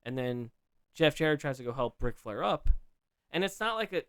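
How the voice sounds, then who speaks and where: A man at a middle pitch with a smooth, clean voice, chatting casually on a podcast. He rambles through a recap, restarting sentences and leaning on fillers as he goes. The sound is dry and close, with no room around it. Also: expressive, moderate pace, a bit bright, no room sound. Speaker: podcast co-host. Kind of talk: casual chat.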